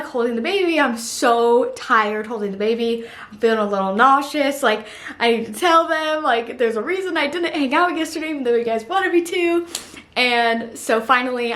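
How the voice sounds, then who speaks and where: A woman's voice: on the high side, a bit bright. Young woman, casual vlog chat, lots of "like", giggly, echoey room. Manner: chatty, lots of "like", giggly asides. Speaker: vlogger. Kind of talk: casual storytelling to camera. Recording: roomy echo.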